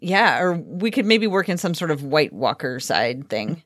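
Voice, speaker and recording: A woman's voice: low-pitched, expressive, normal speed, a bit bright, no room sound, studio quality. A woman co-hosting a sports podcast in casual chat, reading out listener questions. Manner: upbeat, reads listener questions. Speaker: podcast co-host.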